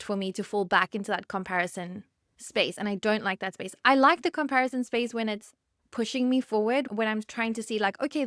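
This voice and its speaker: Smooth and mid-range, this woman's voice comes through clean studio sound with no echo. She's a South African podcast host and therapist in her thirties, alone at the mic for a personal monologue, speaking candidly and emotionally, laughing softly while choked up and nearly crying.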